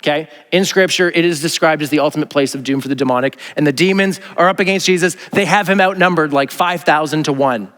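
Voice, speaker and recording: A man's voice: on the high side, fast talker, few pauses, fairly bright tone. A male pastor preaching a sermon in a conversational, joking way, often acting out quotes. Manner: conversational, jokey, acts out quotes in a raised voice. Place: large church sanctuary. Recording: long hall reverb.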